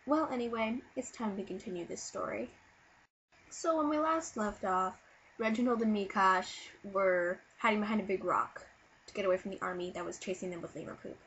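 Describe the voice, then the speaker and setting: A woman vlogger, sick and tired-sounding, rambling through a goofy story in a mid-pitched voice that keeps jumping into loud, animated bursts. The webcam sound is dull and carries a faint hiss. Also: normal speed. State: sick, low on energy. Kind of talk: casual rambling storytelling to camera.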